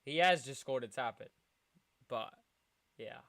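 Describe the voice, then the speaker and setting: A tired young man from South Africa giving excitable live commentary while streaming a football match as a fan. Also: medium pitch, unhurried. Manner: excitable fan, shouting at big moments, chanting. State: tired, yawning. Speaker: watchalong streamer.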